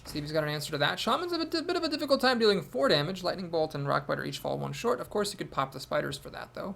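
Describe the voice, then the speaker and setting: A man's voice: fairly high pitch, lively intonation, very fast, vocal fry, fairly bright tone. A man thinking aloud as he commentates his own card game, with wry asides. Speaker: gameplay commentator.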